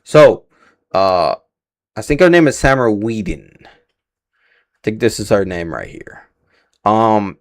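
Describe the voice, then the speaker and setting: A man hosting a casual livestream reaction, rambling and slangy, swearing freely and stumbling over names. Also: medium pitch. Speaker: livestream host reacting to casting news.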